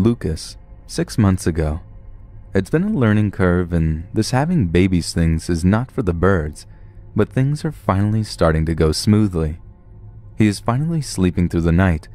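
A man narrating first-person stories aloud in a plain, steady storytelling manner. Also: sits low.

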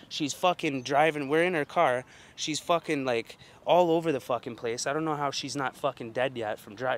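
A man's voice: mid-range voice, a bit bright, a little hiss or hum. A young man hosting his own channel, ranting heatedly about a personal ordeal, cursing constantly and repeating fillers. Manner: heavy swearing, emphatic, repetitive fillers. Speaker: channel host. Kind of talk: agitated personal rant to camera.

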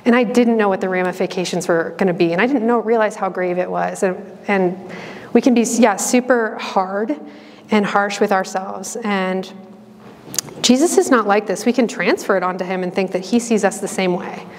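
A religious sister giving an earnest, conversational personal talk, full of fillers and restarts. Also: female voice, medium pitch, moderate pace, long reverb tail. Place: campus ministry hall.

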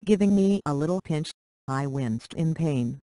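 Synthetic storyteller, steady mid-range delivery, dry close recording. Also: mid-range voice, a little slow, no echo, rough recording. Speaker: narrator. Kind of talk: reading a short story aloud.

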